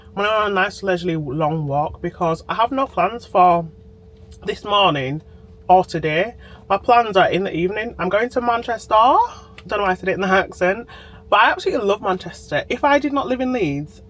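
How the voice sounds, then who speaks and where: A vlogger sits in her parked car talking into her phone for a diary vlog, bubbly and chatty as she speaks straight to camera. Her voice is on the low side with a fairly bright tone, and the recording is low quality.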